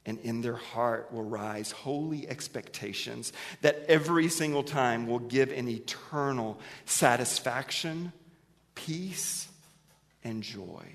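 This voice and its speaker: A man preaching a sermon to his congregation, moving between quiet, low passages and loud, emphatic ones, asking them questions and having them repeat words back to him. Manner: animated preaching that swings from hushed to emphatic. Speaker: pastor. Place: church sanctuary. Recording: long hall reverb.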